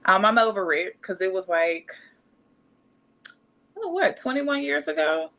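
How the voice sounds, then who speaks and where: A woman's voice: fairly high pitch, very animated, unhurried, vocal fry, long pauses, a bit bright. A woman, candidly telling a personal story in casual podcast chat and acting out other people's voices. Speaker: podcast co-host.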